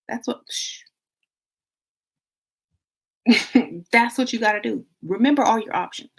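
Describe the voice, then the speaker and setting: A woman's voice: on the high side, slow, creaky, long pauses, husky. Blunt, playful woman giving dating advice. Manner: blunt and playful, acting out quotes with laughs. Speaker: TikTok creator giving relationship advice. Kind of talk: casual advice monologue.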